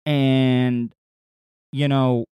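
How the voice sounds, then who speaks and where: A man hosting his own podcast in a casual solo monologue, with a distinctive voice that is not deep, talking in a rambling, crude, candid way with frequent restarts. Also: flat delivery, drawn-out words, warm tone, clear, resonant tone, dry recording. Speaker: podcast host and radio personality.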